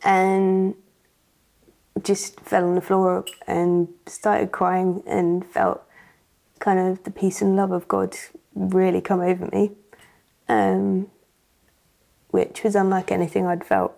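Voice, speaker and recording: A woman's voice: mid-range voice, flat delivery, slow, gravelly, long pauses, dark tone. A woman sharing her personal testimony as a church guest, talking hesitantly with many fillers.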